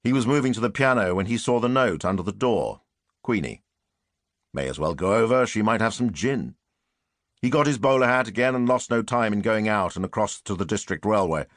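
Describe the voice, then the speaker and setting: A man reading a novel aloud as an audiobook narrator, measured and wry. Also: on the low side, animated, dry recording, clean studio sound. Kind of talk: scripted narration.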